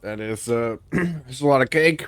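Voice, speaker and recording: A woman's voice: a bass voice, unhurried, no room sound. A woman playing a tabletop game, answering in hesitant, giggly bits. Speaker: player. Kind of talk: casual tabletop game banter. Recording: noisy mic with clicks.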